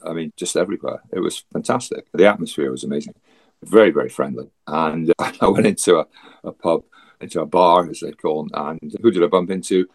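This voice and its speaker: A man's voice: sits low, a little fast, creaky, husky. A Scottish man from Scotland, a guest telling a travel story in a chatty way, with wry asides and frequent laughs. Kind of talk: casual storytelling.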